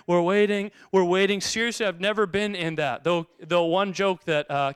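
A middle-aged male pastor giving a sermon with lively storytelling, acting out the people in his stories. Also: high-pitched, clear, resonant tone, no echo, studio quality. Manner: storytelling, acts out quotes in bursts.

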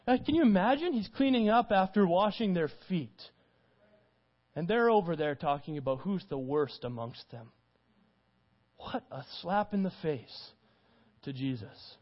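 A man preaching a conversational sermon, retelling scripture informally in his own words. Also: a little high. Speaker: pastor. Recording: dull recording with long hall reverb.

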